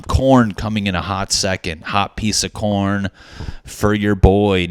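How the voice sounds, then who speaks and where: Deep-voiced man ranting crudely on a podcast. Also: a little hiss or hum. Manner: crude, joking, rambling with frequent restarts. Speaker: podcast host. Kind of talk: solo comedic podcast rant.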